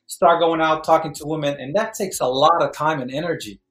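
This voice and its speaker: Middle-aged man telling a story in a roomy space. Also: fairly quick. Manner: lively, acts out quotes with jumps in pitch. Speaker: guest actor. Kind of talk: animated storytelling. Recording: roomy echo.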